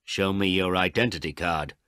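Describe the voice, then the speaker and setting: A man's voice: low-pitched, fairly even intonation, normal speed, bright, forceful tone, clear, resonant tone, no echo, studio quality. A man voicing a stern male policeman who gives firm orders.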